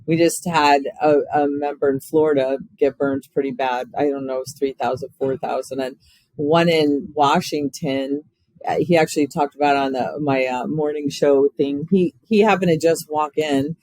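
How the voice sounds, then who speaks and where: Lively man telling stories on a podcast. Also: fairly high pitch, moderate pace, dry recording, poor audio. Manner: animated storyteller, acts out quoted voices. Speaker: podcast host. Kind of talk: casual interview chat.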